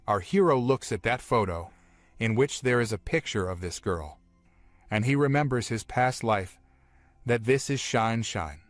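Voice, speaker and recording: A man narrating a comic-book story recap in a plain, steady storytelling manner. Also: mid-range voice, no echo.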